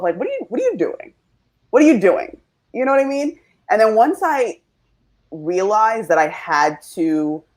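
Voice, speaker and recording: A woman co-hosting a podcast in casual chat, telling personal stories in a conversational way with many fillers. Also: mid-range voice. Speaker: podcast co-host.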